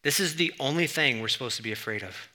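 A male pastor teaching in a very bright, sharp tone. He talks through his sermon conversationally, then leans hard on key words with sudden emphasis. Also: mid-range voice, lively intonation, quick pace.

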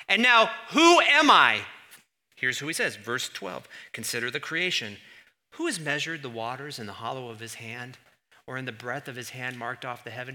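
A man preaching a sermon as pastor in a church, acting out voices with sudden loud jumps. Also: mid-range voice. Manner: animated, acts out God's voice with sudden loud jumps.

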